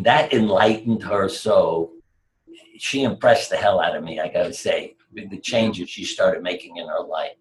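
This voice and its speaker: A man's voice: on the low side, echoey room, low-quality recording. An older man, a retired surgeon, telling stories in an interview in a chatty, wry way, chuckling at his own anecdotes.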